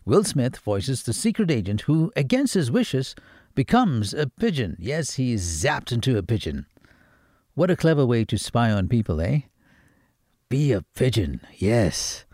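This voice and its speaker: A man's voice: mid-range voice, sing-song, measured pace, darkish tone, no echo, studio quality. A man presenting film picks on the radio, playful and given to jokey asides. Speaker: radio movie reviewer. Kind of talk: radio film recommendations segment.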